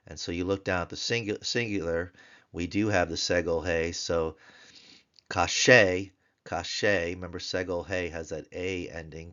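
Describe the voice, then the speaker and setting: Deep-voiced man drilling pronunciation slowly. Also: muffled recording. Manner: slow, drawn-out repetition of words for drilling. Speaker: Hebrew grammar teacher. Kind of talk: recorded tutorial lesson.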